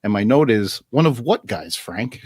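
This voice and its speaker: A man's voice: fairly low pitch, lively intonation, moderate pace, a little mellow, breathy edge, no echo. A man co-hosting a podcast, dry and wry while cueing up clips. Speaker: podcast co-host. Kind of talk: casual chat.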